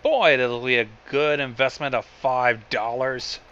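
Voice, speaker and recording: A man's voice: mid-range voice, steady tone, unhurried, sharp tone, clear, resonant tone, dull audio. A man hosting a riff on a film, in casual, profane and sardonic commentary. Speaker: host riffing on a film.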